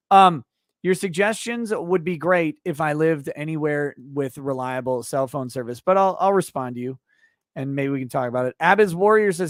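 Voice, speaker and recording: A male host reading viewer messages aloud on a casual livestream, relaxed and wry. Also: a little high, brisk, no room sound, clean studio sound. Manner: relaxed, wry, trailing off with fillers.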